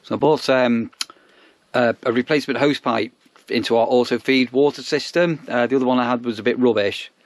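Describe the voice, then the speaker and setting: A man's voice: medium pitch, steady tone, brisk, no room sound. A man from England chatting casually to camera in a vlog, narrating what he eats at a campsite caravan. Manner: chatty, self-narrating while eating. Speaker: vlogger.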